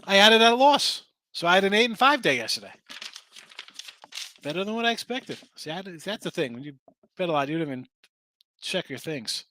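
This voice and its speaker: Excitable sports betting host, bright voice. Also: male voice, sits high, a little fast, long pauses, dry recording. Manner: excitable, swears, talks to chat viewers by name. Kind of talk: casual betting picks talk.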